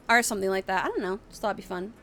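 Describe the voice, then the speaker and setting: A woman's voice: mid-range voice, fairly bright tone. A young woman streamer chatting casually on a live stream, rambling with lots of fillers. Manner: rambling, full of fillers and restarts. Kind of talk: casual livestream chat.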